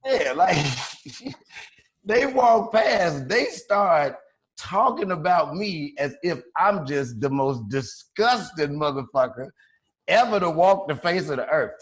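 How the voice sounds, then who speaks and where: A Chicago man co-hosting a podcast tells a wild story in a loose, profane, slang-heavy way, laughing as he goes. His voice is fairly high-pitched and expressive, and he speaks slowly.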